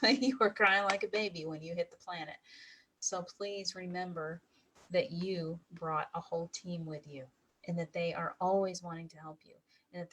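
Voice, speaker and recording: A middle-aged woman with a lowish voice chats casually to her livestream viewers and laughs often. She speaks in an encouraging, spiritual way. A faint ambience hums behind her. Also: fairly bright tone, slight background noise, low-quality recording.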